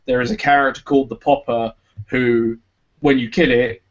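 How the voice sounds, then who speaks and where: A man's voice: mid-range voice, steady tone, normal speed. Brief: male podcast co-host, rambling, hesitant delivery, muffled lo-fi audio. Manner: rambling, hesitant, lots of ums and restarts. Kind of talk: casual chat reviewing a game.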